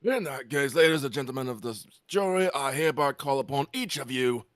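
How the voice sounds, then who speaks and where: A man voicing a pompous British judge in a video game, making loud formal pronouncements. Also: medium pitch, expressive, fairly quick, close to an everyday voice.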